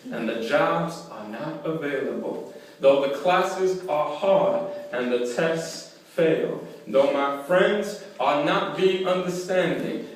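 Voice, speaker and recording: A man in the pulpit delivers a slow, deliberate sermon in a voice a touch higher than usual. His phrases rise to loud emphatic peaks and then fall away quietly. The sound is distant, with a heavy church-hall echo. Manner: slow deliberate phrasing on key lines, quick asides when storytelling. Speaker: pastor.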